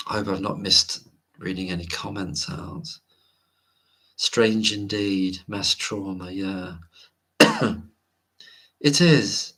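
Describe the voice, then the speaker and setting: Deep gravelly man chatting late. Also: pushed and bright. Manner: rambling, reads viewer comments aloud. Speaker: livestream host. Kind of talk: late-night casual livestream chat.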